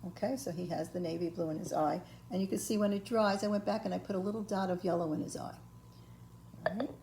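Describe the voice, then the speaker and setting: An older woman giving a patient, step-by-step ceramics painting lesson, filling pauses with ums and okays. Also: mid-range voice, steady tone, creaky, background noise. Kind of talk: step-by-step craft tutorial.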